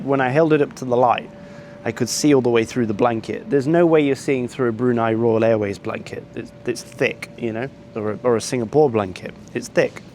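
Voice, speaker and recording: A man's voice: mid-range voice, a little mellow, slight background noise. A man, telling a rambling travel story to camera and complaining at length, with frequent ums and restarts. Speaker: travel vlogger.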